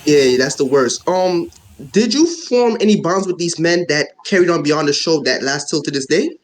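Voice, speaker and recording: High-voiced man hosting, reacting loudly. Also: animated, moderate pace, poor audio. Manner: reactive, exclaiming, slangy. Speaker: podcast host. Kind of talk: casual interview.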